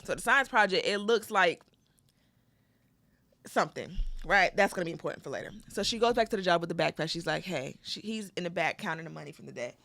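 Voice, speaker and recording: A woman's voice: fairly low pitch, quick pace, creaky, dry recording. A woman co-hosting a comedy podcast, casually retelling a movie plot with lots of cursing and acted-out quotes. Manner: animated, profane storytelling with acted quotes. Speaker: podcast co-host.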